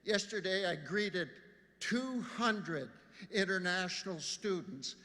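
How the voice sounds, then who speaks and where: A man accepting an award on behalf of a college, speaking in a measured, earnest acceptance speech at a podium in a large hall. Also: high voice, expressive, bright, forceful tone. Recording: long reverb of a large hall.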